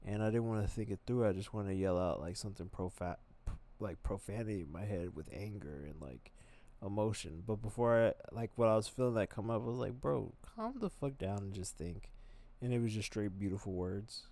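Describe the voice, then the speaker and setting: A man giving loose, profane reaction commentary on videos, rambling and swinging between loud bursts and mutters. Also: fairly low pitch, brisk, few pauses.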